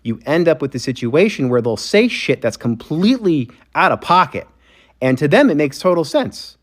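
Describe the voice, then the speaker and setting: A man's voice: fairly high pitch, sing-song, moderate pace. A man giving a sarcastic, profane opinion monologue that is full of mocking asides. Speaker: commentator.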